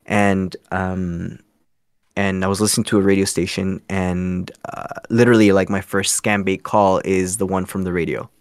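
Rambling low-voiced young man, dry sound. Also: level tone, normal speed, clear, resonant tone, no room sound. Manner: rambling, many restarts and fillers. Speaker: guest, scambaiter. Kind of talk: casual storytelling interview.

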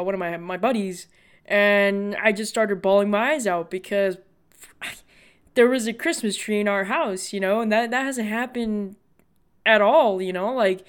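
A man's voice: high voice, clean tone. A young man hosting his own podcast, talking in a loose, rambling monologue full of "like" and "you know.". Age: young adult. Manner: chatty, heavy on "like" and "you know" fillers. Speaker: podcast host. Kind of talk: casual solo podcast monologue.

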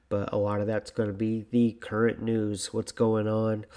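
A young man with a low, dark voice hosts a solo podcast. His delivery is flat and gravelly, and he rambles along in a casual, self-deprecating way. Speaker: podcast host.

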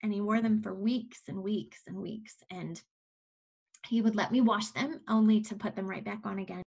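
A woman's voice: medium pitch, fairly even intonation, moderate pace, vocal fry, a little mellow, husky. A woman in her forties, a podcast guest, telling a personal story in a candid, reflective way with frequent restarts.

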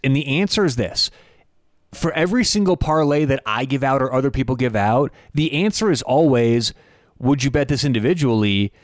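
A man's voice: medium pitch, no room sound. A young man talks on his own, loose and blunt, hosting a sports betting show. His opinions come out in rambling bursts, full of restarts and asides. The sound is dry and close, with no room around his voice. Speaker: sports betting podcast host. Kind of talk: casual solo commentary.

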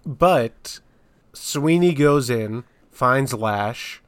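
Deadpan guy cohosting a movie podcast, dry close sound, no room echo. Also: mid-range voice, very slow, smooth. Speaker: podcast co-host. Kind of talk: casual movie review chat.

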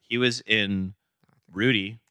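A young man with a bright, forceful voice rambles through a loose podcast chat, swearing freely and joking as he goes. The recording is close and dry, with no room sound. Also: fairly low pitch, steady tone, slow, clean tone, no echo. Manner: profane, rambling, jokey. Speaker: podcast co-host. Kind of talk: casual chat.

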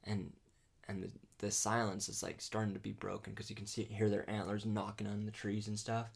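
A man telling a hunting story in a casual chat, animated and laughing, full of "dude" and "like". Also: fairly low pitch, a little fast, creaky, breathy edge. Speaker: podcast host.

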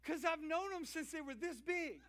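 A pastor voicing an excited Cajun wagon driver. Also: male voice, extremely high pitch, moderate pace, pitched above the performer's own voice. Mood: alarmed. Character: Cajun man riding a covered wagon.

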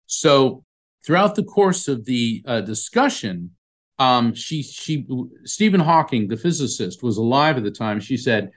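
A man's voice: mid-range voice, very animated, unhurried. A man, a psychic medium guest, telling a long anecdote in an interview and acting out the voices he quotes. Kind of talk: storytelling in an interview.

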